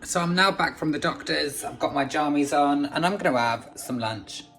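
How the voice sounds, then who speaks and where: A man talks through his day as a casual home vlogger. He is chatty and loose, drops swear words freely, and fills his pauses with "um". Faint music plays behind him. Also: a little high, a bit bright. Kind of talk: casual vlog chat.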